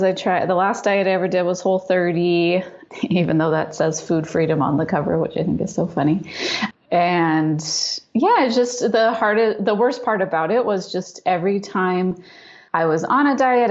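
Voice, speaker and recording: A woman's voice: lowish voice, muffled recording. A woman guest on a podcast, speaking casually, a little out of breath and laughing often. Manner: laughs often while talking. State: slightly out of breath. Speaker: guest, health and lifestyle coach.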